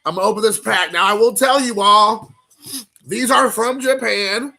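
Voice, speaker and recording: Excitable man with a high, gravelly voice. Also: normal speed. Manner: excitable, rambling and jokey. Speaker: card collecting vlogger. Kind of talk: casual unboxing chat.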